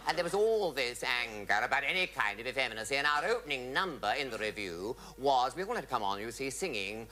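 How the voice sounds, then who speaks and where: A man's voice: medium pitch, sing-song, fairly quick, pushed and bright. A man telling comic stage anecdotes to a studio audience, theatrical, switching into swooping voices for the people he quotes. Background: audience laughter.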